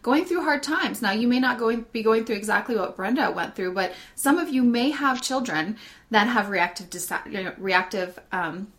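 Upbeat woman host of a faith show, affirming her guest, higher voice. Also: moderate pace, fairly bright tone. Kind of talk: faith talk show interview.

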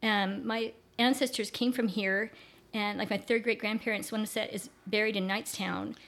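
A woman's voice: medium pitch, steady tone, normal speed, a bit bright. An older woman chatting as a guest in an interview, enthusiastic and rambling, with frequent restarts. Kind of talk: casual conversational interview.

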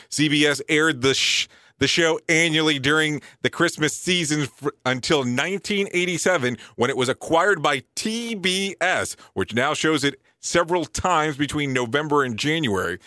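Lively, bright-voiced male show host. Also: fairly high pitch, no room sound, studio quality. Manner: reads lists briskly and breaks off with surprised, joking remarks. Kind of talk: casual list-reading show with asides.

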